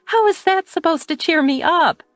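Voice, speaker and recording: Woman doing a sharp-tongued young woman, exasperated, for an audiobook. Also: lowish voice, expressive, moderate pace, dry recording, lightly acted.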